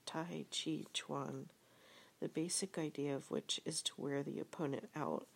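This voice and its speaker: A woman reading an audiobook in calm, measured scripted narration. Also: sits low, creaky, slightly rough. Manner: calm, measured, even storytelling.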